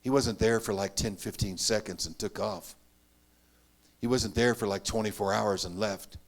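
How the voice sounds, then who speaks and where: A man preaching a sermon, telling his story earnestly, rising to loud emphatic bursts and dropping to hushed asides. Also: on the low side, fairly even intonation, normal speed. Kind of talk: sermon testimony.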